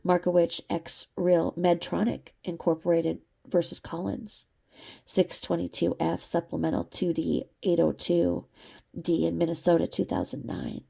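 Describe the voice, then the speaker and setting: A woman's voice: lowish voice, measured pace, vocal fry, mellow, husky. A woman reading a court filing aloud, breaking off now and then for sarcastic asides. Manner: reads legal citations, breaks off with sarcastic asides and laughs.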